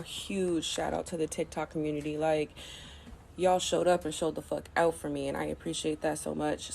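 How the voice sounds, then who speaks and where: A woman's voice: sits low, creaky, darkish tone, slight background noise. A young woman venting tearfully to her phone at home, blunt, profane and rambling. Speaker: social media vlogger. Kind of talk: emotional venting vlog. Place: at home early morning.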